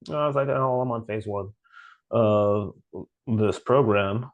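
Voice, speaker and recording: A man's voice: mid-range voice, steady tone, measured pace, lo-fi sound. A man co-hosting a podcast, telling a story in casual chat and acting out the dialogue he quotes. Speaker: podcast co-host.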